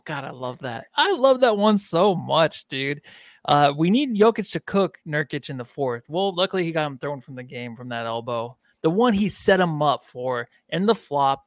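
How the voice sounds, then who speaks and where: Man, podcast host, casual sports chat, joking, fairly high voice, dry sound. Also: no echo. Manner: joking, swears freely.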